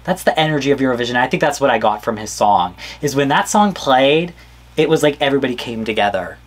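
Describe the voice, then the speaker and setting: Deep-voiced, gushing woman podcast co-host. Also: lively intonation, fast talker. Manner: gushing, slangy and hyped. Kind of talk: casual podcast chat.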